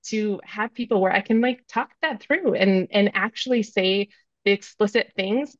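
A woman's voice: mid-range voice, dry recording. A woman in her thirties tells a frank, self-reflective story as a podcast guest, filling it with lots of "like" and "um". Her voice sits in an ordinary middle range. The sound is dry and a bit dull, with a lo-fi quality. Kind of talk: candid storytelling.

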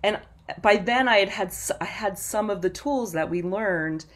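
A woman's voice: mid-range voice, normal speed. A woman guest on a podcast, telling her story in a rambling, self-interrupting way and laughing often. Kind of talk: casual interview chat.

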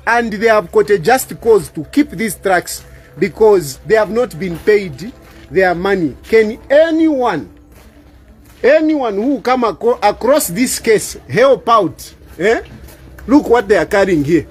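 Speaking with a Zambian accent, this middle-aged public lawyer pleads passionately to the camera, repeating himself emphatically and ending lines with "eh?" to draw agreement. His high, breathy voice has lively intonation and a slow pace. Faint music plays behind him.

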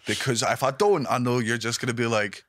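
A Scottish man, a comedian guest, telling comic stories in casual chat, swearing freely and building to loud punchlines. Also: mid-range voice, a little fast, no echo, clean studio sound.

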